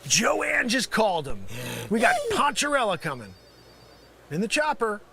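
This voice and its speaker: A man's voice: high-pitched, huge pitch swings, measured pace. A man improvising a comedy phone-scam sketch, bellowing insults and then dropping to a mutter. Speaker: host of a live improv comedy show.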